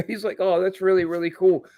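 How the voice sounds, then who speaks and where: A man's voice: high-pitched, level tone, fairly quick, dark tone, dry recording. A middle-aged man hosting a casual podcast, telling profane stories and quoting people in their voices. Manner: profane, storytelling with quoted voices. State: throat tightening with emotion. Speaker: podcast host.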